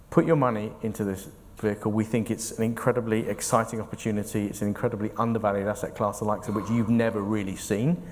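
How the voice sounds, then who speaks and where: Man answering in an echoey hall. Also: mid-range voice. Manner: earnest, explanatory, thinks aloud. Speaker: investment fund manager. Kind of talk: onstage interview answers. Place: large conference hall.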